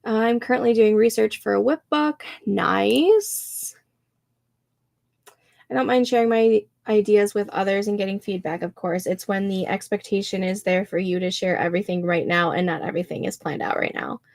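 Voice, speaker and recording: A woman's voice: medium pitch, normal speed, gravelly, darkish tone. A young woman hosting a writing livestream, chatting casually and laughing often as she reads out comments from viewers. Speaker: livestream host.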